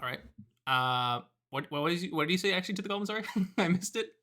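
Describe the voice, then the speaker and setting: A game master narrating a tabletop game, pausing with fillers and small laughs. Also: mid-range voice, lively intonation, sharp tone.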